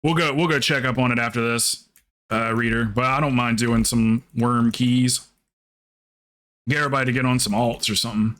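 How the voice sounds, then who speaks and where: A man's voice: mid-range voice, fairly even intonation, moderate pace, a bit bright. A man from South Carolina, streaming a game and telling rambling, joking stories in casual chat. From South Carolina, USA. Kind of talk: casual chat while gaming.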